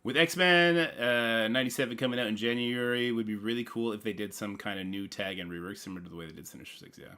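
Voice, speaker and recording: Man, gaming stream host, low voice, very bright tone, rambling, playful, loud bursts and mumbled asides. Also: fast talker, few pauses. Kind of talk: casual livestream chat.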